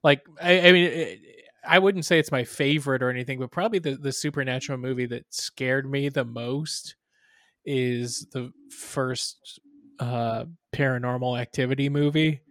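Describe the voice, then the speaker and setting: A man co-hosting a casual podcast chat, speaking hesitantly with many "um"s and trailing off softly. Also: medium pitch, fairly even intonation, normal speed, no echo, clean studio sound. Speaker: podcast co-host.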